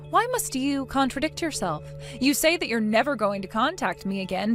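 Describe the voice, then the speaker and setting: A woman voicing a defiant daughter-in-law in a text-message story, sarcastic and mocking, with soft music behind. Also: on the high side. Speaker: narrator of the story.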